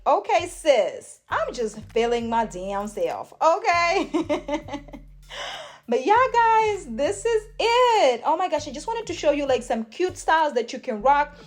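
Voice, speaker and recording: High-voiced, hyper woman vlogger. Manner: hyper, gushing, calls viewers honey and sis. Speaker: hair tutorial vlogger. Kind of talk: casual tutorial chat.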